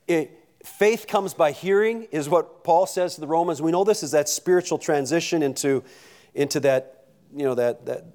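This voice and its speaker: A man's voice: on the high side, darkish tone. A man preaching a sermon as pastor, earnest, with frequent restarts and stammers and questions put to the congregation.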